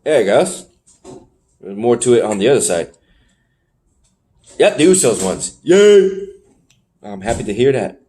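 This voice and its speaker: A man co-hosting a podcast, recapping wrestling shows in casual chat, animated and swearing freely. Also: moderate pace, long pauses. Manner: animated, swearing, jumps in pitch when surprised. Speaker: podcast co-host.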